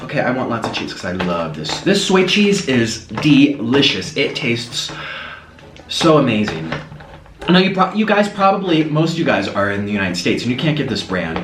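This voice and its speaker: A man chatting casually to the camera as he eats, cooing now and then at his pet. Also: a little high. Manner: chatty, coos at his pet between bites. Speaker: food vlogger. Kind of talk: casual mukbang chat to camera. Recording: echoey room with faint noise.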